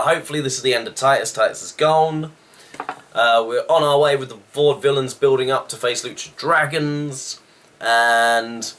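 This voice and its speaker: A man casually reviewing a wrestling show, chatty and loose with sighs and quick asides. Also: mid-range voice, fairly bright tone.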